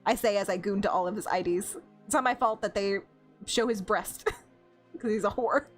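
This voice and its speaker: A young woman streaming a game, reacting with giggles and excitement and reading the game text aloud. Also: mid-range voice, moderate pace, faint music behind.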